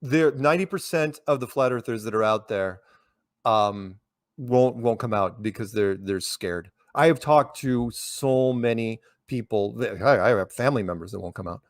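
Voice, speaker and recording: An American man tells stories as a guest in a casual interview. He rambles, restarting and repeating words, at an ordinary pitch. The sound is dry and close, with no room echo. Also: moderate pace. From United States. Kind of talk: casual conversational storytelling.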